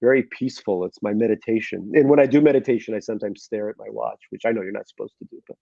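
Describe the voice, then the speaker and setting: Dark-voiced chatty man, muffled audio. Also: lowish voice, quick pace, gravelly, no echo. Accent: slight Queens New York. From Russia. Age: middle-aged. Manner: chatty and self-deprecating, with many fillers. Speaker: author guest. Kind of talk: conversational interview. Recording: dull lo-fi sound.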